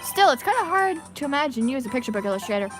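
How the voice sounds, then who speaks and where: A woman voicing a calm, wry young male lawyer in a measured tone while reading a game aloud. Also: sits high, over music. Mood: dry.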